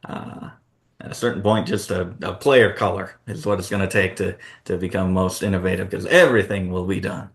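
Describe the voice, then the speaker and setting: Man, lowish voice, casual board game chat, thinks aloud, trails off. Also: steady tone, a little fast, gravelly. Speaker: board game channel co-host. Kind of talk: casual chat reacting to award nominees.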